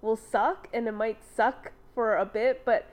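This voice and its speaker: A woman's voice: on the high side, fairly even intonation, unhurried, darkish tone. A woman co-hosting a podcast in casual chat, rambling and giggling, with lots of "like" fillers. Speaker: podcast co-host.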